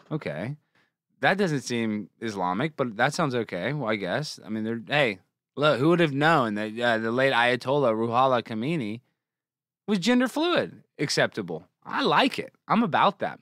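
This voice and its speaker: Sarcastic, excitable young man from Texas. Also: medium pitch, brisk, no echo, studio quality. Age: young adult. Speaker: podcast host. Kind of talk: comedic news commentary.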